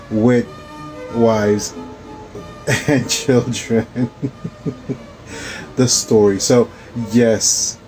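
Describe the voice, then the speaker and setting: A man's voice: lowish voice, mellow, rough recording. A man giving laid-back video commentary, chuckling now and then.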